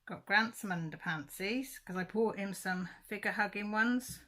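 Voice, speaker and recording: A woman's voice: medium pitch, moderate pace, a bit bright. A middle-aged woman chatting casually to camera, rambling and correcting herself as she goes. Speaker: crafting vlogger.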